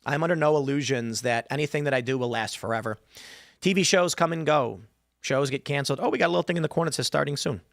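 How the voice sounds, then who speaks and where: A man with a bright, fairly high voice hosts a live stream in a loose, rambling chat. He reads comments from viewers aloud and slips into mock voices for quick asides. The sound is dry and close. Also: no echo. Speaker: live show host. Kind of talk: casual livestream chat.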